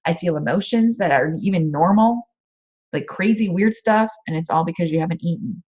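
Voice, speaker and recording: A woman's voice: on the low side, normal speed, darkish tone, breathy edge. A woman coach giving casual, rambling advice on a group call from her home office, with frequent "um" fillers. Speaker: empath coach.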